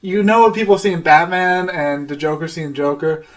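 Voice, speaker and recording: An excitable man chatting casually on a podcast, with a slightly higher voice than most men. He swears freely as he talks. He sits a little away from the mic. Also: normal speed, far from the mic. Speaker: podcast co-host. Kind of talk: casual chat.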